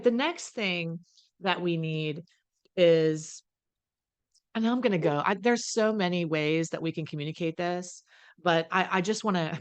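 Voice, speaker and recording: A woman recovery coach talking straight to camera from home, blunt and emphatic, swearing freely and acting out what other people say. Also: deep voice. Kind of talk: casual direct-to-camera talk.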